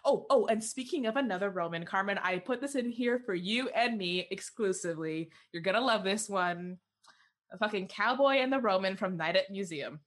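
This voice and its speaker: A young adult woman co-hosting a podcast in casual chat, animated and quick to laugh, with plenty of fillers. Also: medium pitch. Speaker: podcast co-host.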